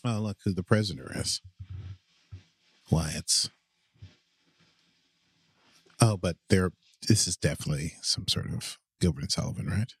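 Deep, husky man riffing on a movie. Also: no room sound, clean studio sound. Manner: jokey, chatty, quick to laugh at the screen. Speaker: podcast co-host. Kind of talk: casual movie watchalong commentary.

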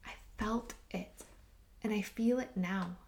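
A woman hosting a podcast, telling a personal story in a slow, heartfelt way that sometimes drops to a near whisper. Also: mid-range voice, gravelly, darkish tone. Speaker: podcast host and retreat leader.

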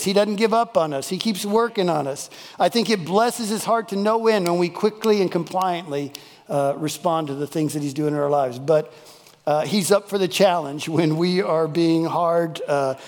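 High-voiced pastor preaching. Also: male voice, steady tone, normal speed, a little mellow, in a large hall. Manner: folksy, emphatic, repeats key phrases. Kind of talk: sermon. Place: church worship service.

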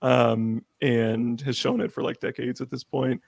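A man co-hosting a podcast, chatting in a relaxed way and hedging with lots of fillers. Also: mid-range voice, unhurried, gravelly, no room sound, clean studio sound. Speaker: podcast co-host. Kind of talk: casual chat.

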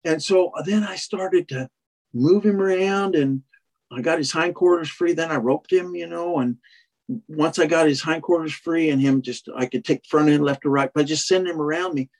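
Brief: rambling male horse trainer, husky and a little high, casual storytelling. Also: moderate pace, a little mellow. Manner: rambling, with many restarts and "you know".

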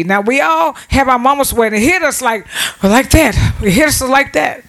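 A woman's voice: sits high, moderate pace, fairly bright tone, faint music behind. Earnest woman preaching from home. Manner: earnest, repetitive, punctuated with amens. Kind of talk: home devotional sermon. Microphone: self-set camera.

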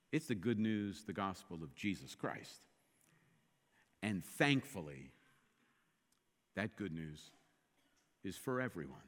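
Animated male preacher in an echoey hall. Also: fairly high pitch. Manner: animated preaching, rising to emphatic repeated exclamations. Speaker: pastor. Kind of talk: sermon.

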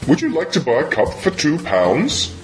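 A man voicing a blank-eyed woman deli server who repeats herself in a flat, high voice. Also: moderate pace, soft background music.

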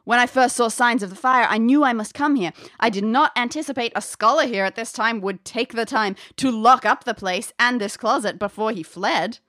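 A woman putting on an earnest, old-fashioned woman scholar from the 1600s, locked in a closet, her voice muffled through a door. She pleads in a formal, slightly high voice and a quaint accent that is half English, half American. The sound is close and dry. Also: moderate pace, few pauses, fairly bright tone, dry recording, lightly acted. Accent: 1600s mix of English and American.

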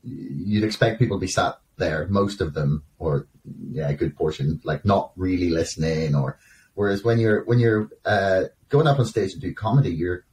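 A man's voice: sits low, moderate pace, darkish tone, far from the mic, slight background noise. A man interviewing a guest, asking long, hesitant questions full of restarts. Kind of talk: casual interview.

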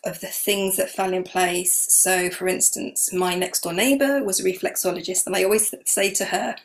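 Gravelly middle-aged woman. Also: mid-range voice. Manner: candid, emotional storytelling. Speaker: guest, energy healer. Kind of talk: personal story in an interview.

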